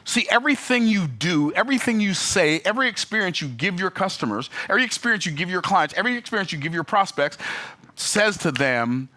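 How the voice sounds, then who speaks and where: A man telling an animated, exasperated story in an emphatic, sarcastic vlog rant. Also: high-pitched, brisk. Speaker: business vlogger.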